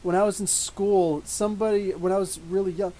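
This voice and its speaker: A man's voice: high voice, a little fast, poor audio. Chatty man telling rambling stories. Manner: rambling, animated storytelling with laughs. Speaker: podcast host. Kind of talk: casual live chat reading viewer questions. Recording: faint hiss.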